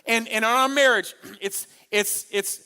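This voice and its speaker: A high, bright male voice preaching with animated humor, driving his points home by repeating them. The sound carries a long hall reverb, as from a large church auditorium. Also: unhurried, clear, resonant tone. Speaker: pastor. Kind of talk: sermon at a marriage conference.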